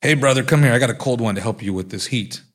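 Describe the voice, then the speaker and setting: A man's voice: mid-range voice, fast talker, fairly bright tone, lightly acted. A man voicing a brash, swaggering big young tough guy who talks in cocky street slang. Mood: breezy.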